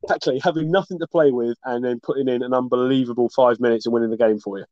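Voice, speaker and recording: A man's voice: medium pitch, steady tone, fast, darkish tone, no echo. A man co-hosting a casual sports chat, talking with passion and swearing freely. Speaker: podcast co-host. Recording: dull lo-fi dry recording.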